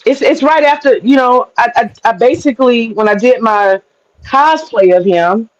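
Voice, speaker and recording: A woman's voice: fairly high pitch, normal speed, no echo, lo-fi sound. A woman guest chatting casually on a livestream, brash, teasing and profane. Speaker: stream guest.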